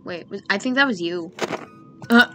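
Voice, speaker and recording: A woman's voice: mid-range voice, moderate pace, music in the background. A young woman co-streaming a horror game, chatting playfully and laughing at herself. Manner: giggly and playful. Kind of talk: casual gameplay chat.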